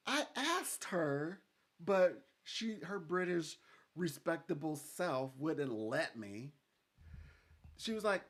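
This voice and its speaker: A man working as a psychic reader chats casually with a client, rambling, laughing often and acting out what other people said. His voice is a little high, fairly bright, very animated and slow.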